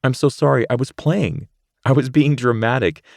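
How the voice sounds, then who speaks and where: A guy doing a sweet young woman in an audiobook, pitched way up and a bit distant, breathless and sorry, dry studio sound. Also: normal speed, creaky, dry recording, lightly acted. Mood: apologetic. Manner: breathless, apologetic. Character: young woman, playful and affectionate.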